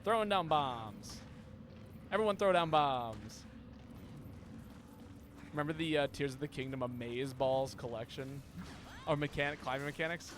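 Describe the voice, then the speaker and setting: Playful and casual, a man live-streams a video game and chats, often tripping over repeated words. His voice is medium in pitch and a bit bright, with slight background noise behind it.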